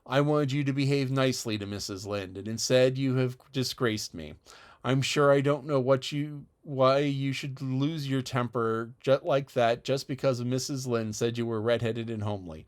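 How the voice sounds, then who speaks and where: A man with a medium-pitched, natural voice and fairly even intonation plays a severe middle-aged female guardian for an audiobook. He delivers her lines in a dry, measured, scolding tone.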